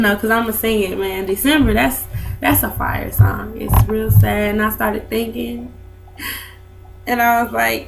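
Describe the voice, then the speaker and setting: A woman's voice: a little high, fairly bright tone. Young woman, casual vlog chatter, rambling, faint music behind. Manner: chatty, rambling, lots of fillers. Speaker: vlogger. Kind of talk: casual chat to camera.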